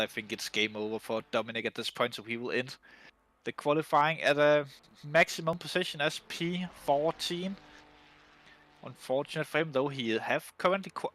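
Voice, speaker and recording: A man's voice: fairly high pitch, fairly even intonation, moderate pace, a bit bright. A man giving live, chatty commentary on a sim racing event, with many fillers and restarts. English is not his first language.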